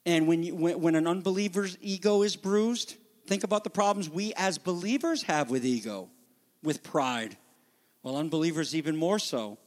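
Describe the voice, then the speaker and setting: Animated preacher in a reverberant hall. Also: male voice, a little high, normal speed. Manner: animated preaching, acting out the disciples' voices. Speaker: pastor. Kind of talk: sermon.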